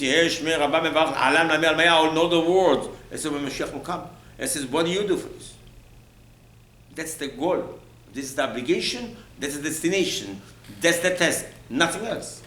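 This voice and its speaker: A man's voice: fairly high pitch, a bit bright, roomy sound, slight background noise, rough recording. A male rabbi giving an emphatic Torah lecture, repeating phrases, asking rhetorical questions and mixing in Hebrew terms. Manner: mixes in Hebrew and Aramaic terms.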